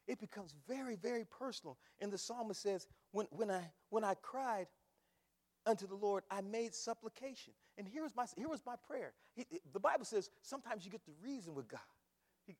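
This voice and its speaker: A man preaching a sermon, swinging from shouts to hushed quotes. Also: sits high, very animated, normal speed. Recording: long hall reverb.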